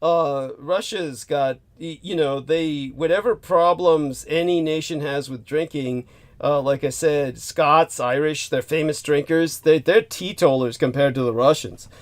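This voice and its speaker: A man's voice: fairly high pitch, a little slow. Rambling talk-show host man. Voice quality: rambling, many restarts. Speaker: podcast host. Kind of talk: casual chat.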